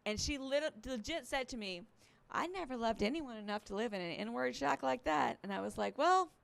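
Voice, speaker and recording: A woman's voice: fairly high pitch, animated, moderate pace, gravelly, a bit bright, no room sound. A woman from Alabama, doing a rambling, profane stand-up set. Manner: rambling, profane, self-mocking. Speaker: stand-up comedian. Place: resort stage, in front of a live audience.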